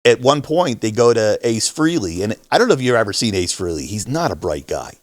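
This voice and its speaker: Middle-aged man, podcast co-host, casual storytelling, lively swooping pitch, bursts into high voices for quoted lines, dry close sound. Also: fairly quick, no room sound. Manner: animated storyteller, acts out quotes with big pitch jumps. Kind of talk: casual chat.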